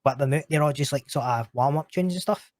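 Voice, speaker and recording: A man with a Scottish accent, a guest telling stories in casual chat, animated and sweary. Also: a little high, fast, no room sound, clean studio sound. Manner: animated, sweary, quotes others in raised voice.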